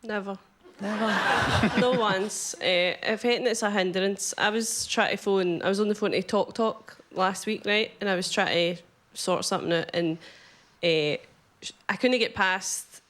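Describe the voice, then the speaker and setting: A woman, a comedy panelist telling a self-mocking anecdote in an unhurried way. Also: mid-range voice, fairly bright tone. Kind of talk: comic anecdote on a panel show.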